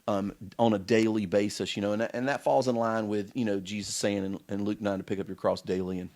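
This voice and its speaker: Earnest, lower-voiced Bible study co-host. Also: male voice, level tone, fast, a little mellow. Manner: earnest and explanatory, checks in with "you know what I'm saying". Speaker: podcast co-host. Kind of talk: casual Bible study discussion.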